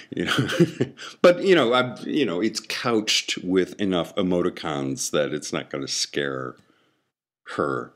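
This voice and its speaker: Deep-voiced man rambling with self-mocking humor. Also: lively intonation, unhurried, fairly bright tone. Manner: rambling, self-deprecating humor, many fillers and restarts. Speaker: podcast host. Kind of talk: casual solo monologue.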